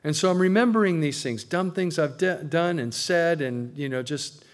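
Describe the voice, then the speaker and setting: Animated male preacher, higher voice. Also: moderate pace. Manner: animated, swings between loud emphasis and quiet asides. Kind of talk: sermon. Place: church before a congregation.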